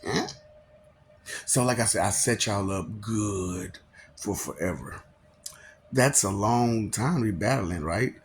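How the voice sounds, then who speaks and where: Mocking, laughing man with a gravelly voice. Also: on the low side, slow pace, pauses often, slight background noise. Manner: laughs often, mocking rhetorical questions; repeats and stumbles over words. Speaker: self-proclaimed god addressing viewers. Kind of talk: rambling preachy monologue.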